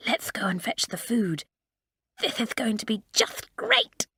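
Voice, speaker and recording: A woman voicing a cheeky teenage schoolgirl who talks breezily and loud on purpose in an audiobook. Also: a little high, wildly swooping pitch, slight background noise, voice pushed up, heavily acted. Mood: breezy. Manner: breezy, deliberately carrying. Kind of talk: audiobook character voice.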